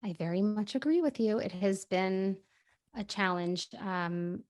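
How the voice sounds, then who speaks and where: A woman hosting a conversational podcast interview, animated and quick to get heated. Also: mid-range voice. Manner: animated, speeds up and swears when heated. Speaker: podcast host.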